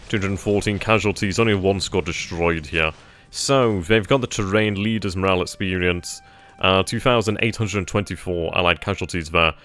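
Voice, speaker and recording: A man thinking aloud as he plays a strategy game, trailing off mid-sentence and bursting into giddy excitement at good news. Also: sits low. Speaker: let's play gamer.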